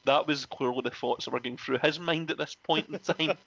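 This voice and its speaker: A man's voice: a little high, fairly quick, vocal fry, highs cut off. Man telling laughing anecdotes. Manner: animated, laughs often, acts out quoted voices. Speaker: former wrestling referee telling stories. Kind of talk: casual storytelling interview.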